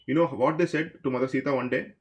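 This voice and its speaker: A man's voice: medium pitch, fast. A man who teaches a devotional story class and speaks conversationally, addressing his listeners directly.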